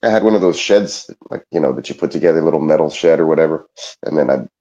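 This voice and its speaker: A man's voice: very deep voice, fast, dark tone, highs cut off. A middle-aged man in casual chat, easygoing and laughing often as he tells anecdotes.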